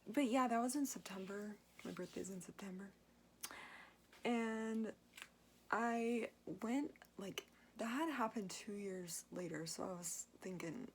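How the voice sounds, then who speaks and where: A young woman speaking straight to her camera at home, chatting through a personal story in a loose, rambling way. She trails off, backtracks and fills the gaps with ums and likes, at an everyday pitch. A faint hiss sits under the recording. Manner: rambling, many fillers and asides. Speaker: vlogger.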